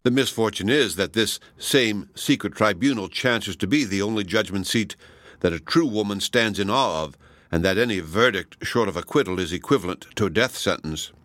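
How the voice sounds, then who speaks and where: A man reading the part of a proud, passionate woman, measured and ironic. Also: on the low side, fairly bright tone, dry recording, close to an everyday voice. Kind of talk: audiobook reading.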